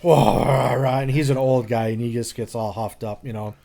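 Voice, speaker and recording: A man from Wisconsin, a podcast co-host telling a workplace prank story among friends, animated and acting out other people's lines. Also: mid-range voice, moderate pace, vocal fry. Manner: animated, acts out coworkers' lines with laughs.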